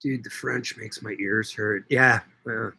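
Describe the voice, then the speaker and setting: A slightly rough, pushed and bright voice on the low side comes from a middle-aged Canadian market grower hosting a relaxed livestream. At a measured pace and with fairly even intonation, he answers viewer comments, joking and swearing freely.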